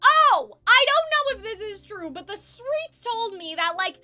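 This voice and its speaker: A young woman hosting a casual livestream discussion, animated and giggly, rambling with lots of fillers. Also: very high-pitched, unhurried, faint music behind. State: sore throat. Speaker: streamer host.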